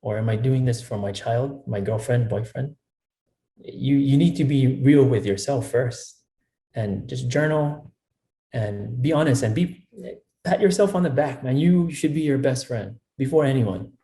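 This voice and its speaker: A man's voice: medium pitch, measured pace, warm tone. A man guesting on a podcast, giving earnest advice and often repeating himself with "you know" asides. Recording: echoey room.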